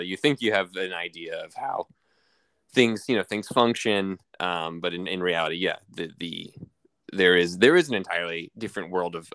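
Host: man, very low gravelly voice, hesitant, dry room. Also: fairly bright tone, dry recording. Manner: halting, many fillers and restarts. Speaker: podcast host. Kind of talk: casual conversation.

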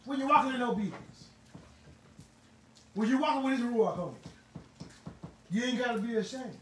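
A man preaching a sermon in a fervent, emphatic way, now and then bursting into shouts. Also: very high-pitched, moderate pace. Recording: roomy, distant mic, faint ambient noise.

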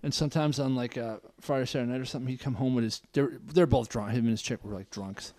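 A man's voice: medium pitch, fast talker, warm tone, dry recording. A man casually chatting on a podcast, crude and boastful. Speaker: podcast co-host. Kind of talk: casual chat.

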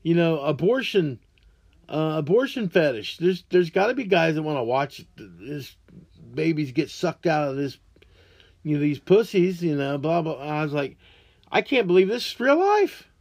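A podcast host with a drawl rants about whatever angers him, swearing hard and often. His voice sits a little high for a man, and his talk is crude and heated. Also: lively intonation, moderate pace, a little mellow. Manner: crude, angry, ranting with heavy swearing. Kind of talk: profane rant monologue.

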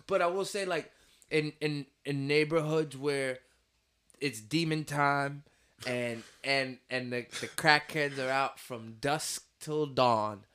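A man's voice: mid-range voice, slow pace, a bit bright, clean tone. A man hosting a casual podcast chat, telling work stories in a laid-back way and laughing easily.

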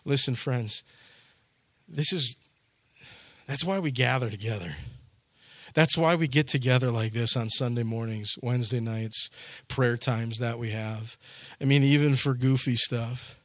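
A man preaching a sermon to his congregation, telling stories and acting out the scenes with sudden loud shouts. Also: mid-range voice, a little slow, pauses often, no room sound. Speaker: pastor.

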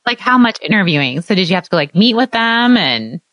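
A woman's voice: medium pitch, big pitch swings, fairly quick, fairly bright tone, no echo. A woman interviewing a guest in a casual, curious, playful way.

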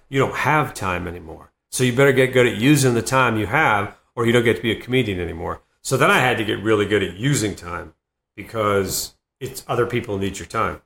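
A man's voice: fairly low pitch, vocal fry, a bit bright. A middle-aged man from Boston, a comedian guest telling rambling stories in a casual podcast interview. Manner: rambling anecdotal storytelling. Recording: roomy echo.

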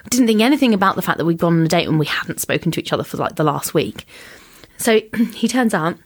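A woman's voice: fairly low pitch, quick pace. Chatty woman telling a story. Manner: animated, chatty, full of "like"s, acts out quotes. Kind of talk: casual storytelling chat.

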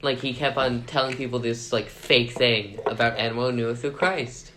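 A man's voice: medium pitch, steady tone, moderate pace, bright, forceful tone, a little hiss or hum. A man co-hosting a podcast, chatting casually and making dry, laid-back quips. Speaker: podcast co-host.

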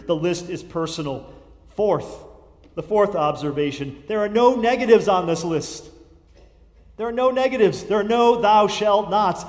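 High-voiced pastor preaching in a reverberant hall. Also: male voice. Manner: emphatic, repeats key lines, shifts between loud and hushed. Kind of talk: sermon.

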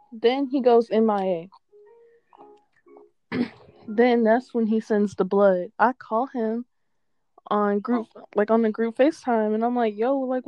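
A woman in a casual chat, telling an animated, profane story and quoting what others said. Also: on the high side, dull audio.

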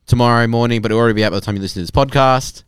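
A man's voice: mid-range voice, racing, clean tone, no echo, studio quality. A young man co-hosting a podcast, joking and swearing in casual chat. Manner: animated, jokey, swears. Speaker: podcast co-host.

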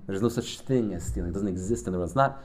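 A man teaching a Torah class, telling Hasidic stories in a conversational, halting way peppered with Yiddish and Hebrew terms. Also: deep voice, noisy background.

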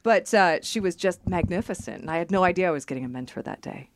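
A woman's voice: on the low side, expressive, a little hiss or hum. Blunt, salty-talking woman telling stories. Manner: candid, profane storyteller; quick to joke. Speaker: podcast guest. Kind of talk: casual chat.

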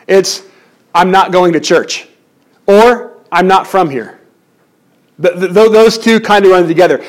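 High-voiced man preaching with joking asides. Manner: animated, jokey, many quick restarts. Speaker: pastor. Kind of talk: sermon. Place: church.

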